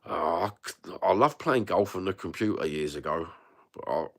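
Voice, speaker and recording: A middle-aged man with a London accent, talking in a very low voice. He rants casually to his viewers, blunt, slangy and full of swearing, the way someone talks on a phone livestream. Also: lively intonation, normal speed, fairly bright tone. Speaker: livestream host reading chat. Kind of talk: casual live-chat rant.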